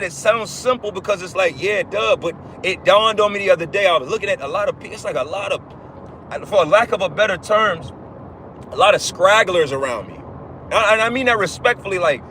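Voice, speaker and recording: A man's voice: high voice, a little fast, pushed and bright, a little hiss or hum, rough recording. A man giving an informal livestream sermon, emphatic and repetitive, swearing casually as he preaches.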